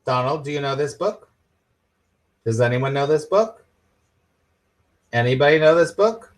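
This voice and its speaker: This middle-aged spiritual teacher speaks a little high and expressively, at a measured pace. He teaches on a live stream with enthusiasm, repeating his points and quizzing viewers by name.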